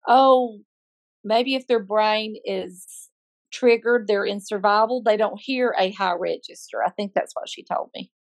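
A middle-aged Southern woman co-hosting a podcast, ribbing her friend and acting out little stories. Her voice is mid-pitched and recorded close and dry. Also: unhurried, dry recording. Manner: teasing, animated storyteller. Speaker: podcast co-host, school counselor. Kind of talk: casual chat, storytelling.

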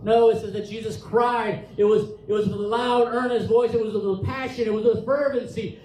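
High-voiced man preaching in an echoey church. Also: steady tone, brisk, hardly any pauses, a little mellow, slight background noise. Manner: impassioned preaching, reads scripture aloud with emphasis. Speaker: pastor. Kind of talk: sermon. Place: church sanctuary. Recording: echoey church room, distant mic.

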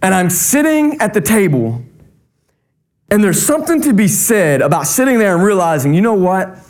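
Pastor guy, kinda high voice, chatty funny sermon stories. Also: very animated, moderate pace, darkish tone. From North Carolina. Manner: conversational storytelling, humorous.

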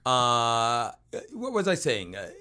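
A man hosting a casual chat, telling jokey stories in an animated way. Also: medium pitch, slow, smooth. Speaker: host.

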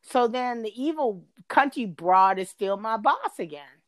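A middle-aged woman telling a long workplace story in casual chat, her voice jumping high when she gets exasperated. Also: unhurried, dry recording. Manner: animated, swings to high excited pitch when exasperated.

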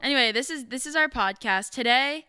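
A woman's voice: high voice, pushed and bright, slight background noise. A young woman co-hosting a podcast, chatting casually and laughing and teasing often. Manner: giggly, quick to tease. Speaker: podcast co-host. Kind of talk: casual chat. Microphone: podcast microphone.

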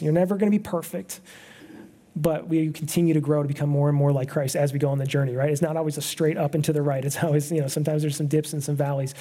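A man delivers a sermon with an earnest, talk-it-through manner, as if chatting with his congregation. His voice sits slightly high but sounds mellow and relaxed rather than bright. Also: fast. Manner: earnest, conversational preaching with frequent "right?" asides. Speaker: pastor.

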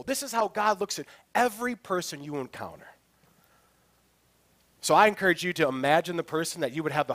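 High-voiced earnest male pastor preaching. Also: fairly bright tone, dry recording. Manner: earnest, emphatic preaching with rhetorical questions. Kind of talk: sermon.

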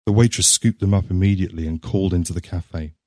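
Deep-voiced man narrating a story. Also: fast talker, darkish tone, no room sound, clean studio sound.

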